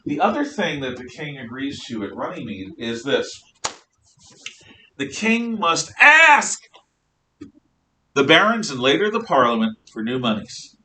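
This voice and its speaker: A man teaching a history class, lecturing in an emphatic, animated way. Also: medium pitch, measured pace, pauses often. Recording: echoey room, mic far off.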